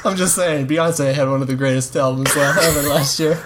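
A man's voice: a little high, fairly quick, noisy background. A man hosting and reading a fan-written story aloud to friends, joking around between passages. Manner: jokey, animated. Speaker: reader and host.

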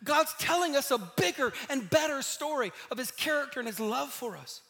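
Man, pastor, sermon, high voice, bright tone, lively storytelling, asks listeners questions. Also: moderate pace, gravelly. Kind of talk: sermon with scripture reading.

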